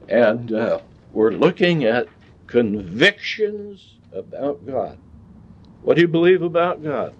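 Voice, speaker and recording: A man teaching a Bible lesson like a sermon, deliberate and teacherly, putting questions to his class. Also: medium pitch. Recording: dull lo-fi church recording.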